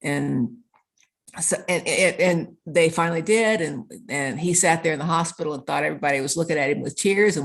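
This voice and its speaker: Her voice low, gravelly and a little fast, a woman in an interview tells a story earnestly. She strings one thought onto the next with a string of "and"s.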